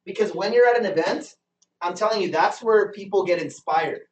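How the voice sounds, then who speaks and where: A man's voice: high voice, a little fast, distant mic, a little hiss or hum. Man coaching a group in an echoey room. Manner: energetic, keeps asking the audience questions and repeats himself for emphasis. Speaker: business trainer. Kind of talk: motivational training talk to a live group. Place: meeting room with a live audience.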